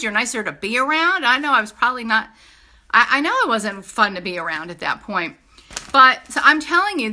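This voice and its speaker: A woman's voice: on the high side, bright, forceful tone. Emphatic New York woman selling hard. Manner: emphatic and persuasive, repeating "okay?". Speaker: product seller. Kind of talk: casual sales pitch.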